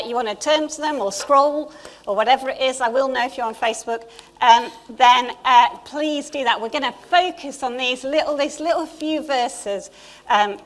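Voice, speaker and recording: A middle-aged English woman speaks from the front of a church, her voice sitting high. She preaches in a loose, conversational way, full of small asides and gentle humour. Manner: chatty and warm, with asides. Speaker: church leader. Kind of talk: informal Easter sermon. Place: church hall.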